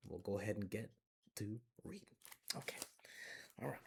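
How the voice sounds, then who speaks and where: A man reading a bedtime picture book aloud to children in a gentle, playful storyteller voice, recorded on a phone in a closed library. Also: fairly low pitch, moderate pace, vocal fry, slight background noise.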